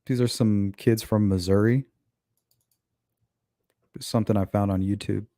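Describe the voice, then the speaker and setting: Male streamer host, low mellow voice, dry close mic, chatty and rambling. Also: fairly even intonation, a little slow, no echo. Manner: rambling, chatty, answers viewer chat. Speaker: livestream host. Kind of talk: casual livestream talk.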